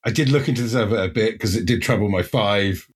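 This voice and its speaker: A man co-hosting a podcast, animated and joking, swearing casually. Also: fairly low pitch, quick pace, breathy edge. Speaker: podcast co-host. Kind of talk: casual chat.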